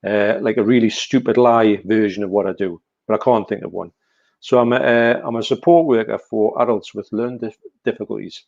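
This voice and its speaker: A man's voice: lowish voice, fairly even intonation, a little fast, vocal fry, a little mellow. Brief: Newcastle-accented man, casual live-stream co-host, rambling self-mocking talker, muffled lo-fi call sound. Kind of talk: casual chat on a video call. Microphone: video call. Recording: dull lo-fi call audio.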